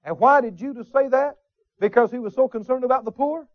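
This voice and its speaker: A man's voice: extremely high pitch, a little fast, dry recording. A man preaching a sermon, folksy asides and call-and-response with the congregation. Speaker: pastor. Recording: dull, slightly lo-fi sermon recording.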